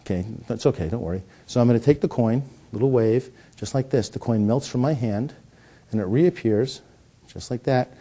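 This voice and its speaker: A man's voice: medium pitch, moderate pace, warm tone, breathy edge. A middle-aged man performing coin magic with jokey patter, then explaining the trick, often restarting his words. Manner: joking, punny, stammers and restarts. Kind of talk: comedic magic patter and teaching.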